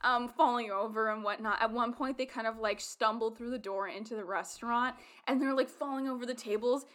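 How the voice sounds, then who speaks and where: A woman co-hosting a podcast who tells film scenes in a lively, animated way in casual chat. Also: a little high, a little fast. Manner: animated storytelling, acting out film dialogue. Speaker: podcast co-host.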